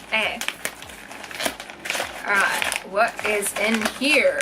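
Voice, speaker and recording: A young woman, unboxing products in an excited, giggly vlog, exclaiming over each item. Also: on the high side, a little slow, pauses often, heavy background noise. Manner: gushing, giggly, keeps exclaiming.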